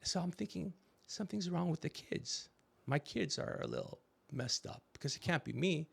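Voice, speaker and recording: A middle-aged man hosting a podcast, telling stories in a casual comedic chat and acting out quotes with animated voices. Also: fairly high pitch, moderate pace, gravelly, husky. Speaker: podcast host.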